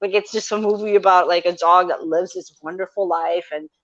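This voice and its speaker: A woman's voice: on the low side, steady tone, fairly quick, a bit bright, lo-fi sound. A woman co-hosting a podcast in casual chat, teasing and swearing, laughing often. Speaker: podcast co-host.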